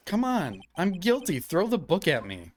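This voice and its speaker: A man's voice: sits high, huge pitch swings, normal speed, a little hiss or hum, pitched above the performer's own voice. A man voicing a nervous, meek man who stammers and keeps insisting he is the guilty one. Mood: pleading. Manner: stammering, eager, pleading.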